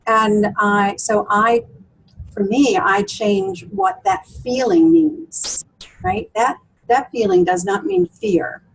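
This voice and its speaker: A woman's voice: on the high side, sing-song, slow pace, vocal fry, slight background noise, low-quality recording. A woman coach for women, talking through client stories in an interview with many fillers and restarts. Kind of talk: interview conversation.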